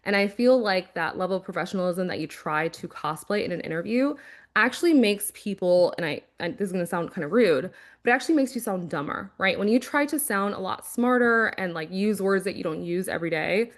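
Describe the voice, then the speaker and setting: Woman, mid-pitched, former recruiter, casual career talk, conversational, animated. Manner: conversational, animated, quick asides and acted-out quotes.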